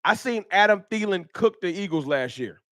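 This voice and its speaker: An animated man hosts a fan talk livestream, voice pitched a little high for a man. He talks in a slangy, emphatic way, repeating points as he argues. The sound is dry and close, with almost no room echo. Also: moderate pace. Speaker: host.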